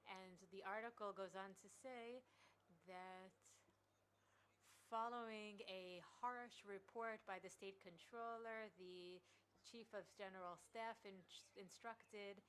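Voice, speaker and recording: A woman giving simultaneous interpretation of a conference speech, halting with frequent pauses and restarts. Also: medium pitch, fairly bright tone, slight background noise, poor audio.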